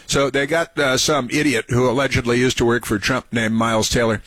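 Husky, sarcastic talk radio host man. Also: mid-range voice, level tone, fairly quick, few pauses, a bit bright, dry recording. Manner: sarcastic, combative, filler-heavy.

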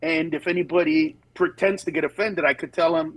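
Man, middle-aged, husky, fairly high voice, animated storyteller, phone interview. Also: a little fast, poor audio. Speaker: comedian guest. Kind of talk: casual radio interview by phone. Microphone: phone with Bluetooth.

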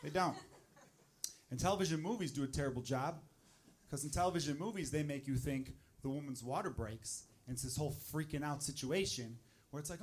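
A man doing a stand-up comedy set, telling a personal story with animated delivery and acted-out voices. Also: a little high, fast talker, slight background noise. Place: comedy club stage.

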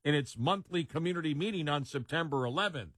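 A man reads a news item aloud for a talk show, breaking off now and then to chuckle or add a wry aside. His voice sits a little high for a man. The recording is close and dry, with no room sound. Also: lively intonation, fast talker, fairly bright tone, dry recording. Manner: reads with frequent laughter and asides. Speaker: co-host reading a news story. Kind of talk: casual commentary, reading quotes aloud.

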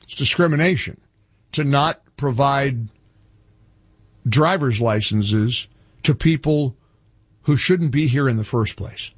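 A man's voice: medium pitch, takes it slowly, pauses often, breathy edge, no echo, clean studio sound. A man hosting a talk radio show, delivering emphatic, scornful commentary in a punchy way.

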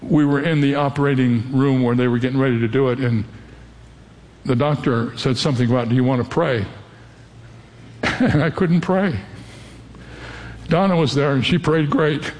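A man's voice: mid-range voice, steady tone, moderate pace, pauses often, darkish tone. An older man preaching a sermon as a pastor, earnest and direct, often putting questions to his listeners. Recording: long hall reverb.

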